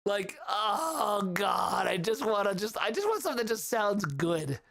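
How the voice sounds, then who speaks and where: Animated male livestream host. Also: high-pitched, measured pace, creaky. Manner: animated, laughs often, sings melodies aloud. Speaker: livestream host reviewing music compositions. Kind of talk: casual livestream commentary.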